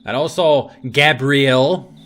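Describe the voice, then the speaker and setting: A man's voice: mid-range voice, slow, fairly bright tone. A man hosting a let's play, joking around and reading game text aloud in a playful way. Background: game music.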